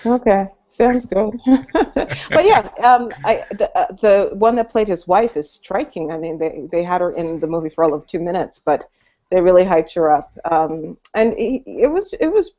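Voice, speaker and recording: A woman's voice: lowish voice, animated, moderate pace, warm tone. Rambling woman on a lo-fi call. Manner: rambling, many fillers and restarts. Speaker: podcast co-host. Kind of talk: casual movie chat. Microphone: video call. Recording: dull lo-fi audio.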